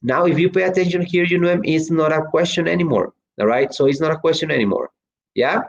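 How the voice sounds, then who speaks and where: A man's voice: fairly high pitch, brisk, gravelly. Chatty male teacher with slightly dull audio. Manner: chatty, lots of fillers and restarts. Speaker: English teacher. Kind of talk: online class, reading student chat.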